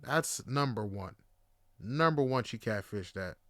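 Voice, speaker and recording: Young male podcaster, bright and smooth voice, rambling casual storytelling, very dry sound. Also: medium pitch, a little slow, dry recording. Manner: rambling, filler-heavy, animated. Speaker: podcast host.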